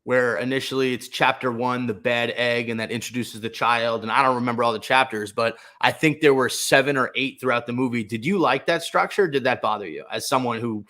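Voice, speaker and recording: This young adult film podcast co-host talks briskly with few pauses, his medium-pitched voice pushed and bright. Even so, he sounds hesitant, full of fillers and false starts, and he questions his co-host throughout their casual review chat.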